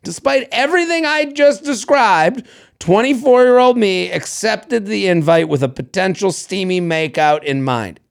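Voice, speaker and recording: Animated man with a gravelly voice. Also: high voice, a little slow. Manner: animated, laughs often, playful. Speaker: podcast co-host. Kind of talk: casual chat, reading a listener story.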